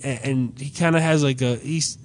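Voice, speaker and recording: Here a man with a medium-pitched voice speaks briskly over a faint hiss or hum. Chatting on a podcast, he tells a funny story casually, swearing and sounding exasperated as he performs the lines of each person in it.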